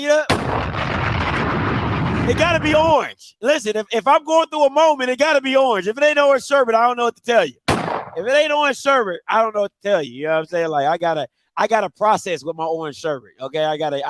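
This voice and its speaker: Lively high-voiced male call-in host. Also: fast talker, noisy background. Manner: laughing, repeats "you know what I'm saying". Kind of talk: casual call-in sports talk.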